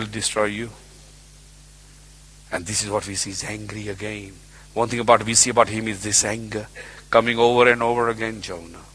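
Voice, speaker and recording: A man preaching a sermon in a church, retelling scripture in his own words and swinging between loud exclamations and quiet asides. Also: on the low side, slightly rough.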